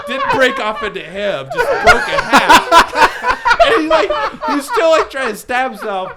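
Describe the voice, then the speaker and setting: A man co-hosting, telling a rambling, profane story in casual chat over gameplay, full of "like" and loud acted-out quotes. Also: sits high, huge pitch swings, unhurried, over a noisy crowd. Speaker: co-host.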